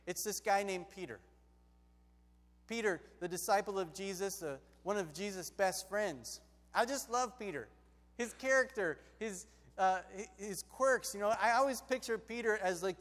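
Preacher, man, storytelling sermon, high voice, big reverberant hall. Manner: lively, conversational, shifts between loud and hushed.

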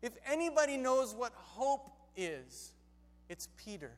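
A male preacher tells stories in a lively, chatty way, going from loud bursts to hushed moments. His voice sits high. It rings with a long reverb in a large hall. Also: unhurried. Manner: lively, conversational, shifts between loud and hushed. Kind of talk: storytelling sermon.

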